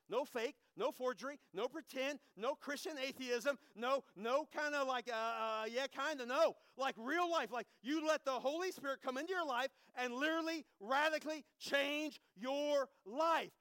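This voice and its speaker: High-voiced man preaching. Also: moderate pace, few pauses, no room sound. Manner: emotional, swings from hushed to loud, repeats phrases. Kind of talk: sermon testimony.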